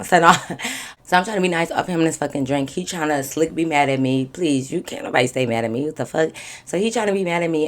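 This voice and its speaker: A woman in her twenties telling a candid, profane story to her viewers in a casual, animated way. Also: low voice. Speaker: vlogger.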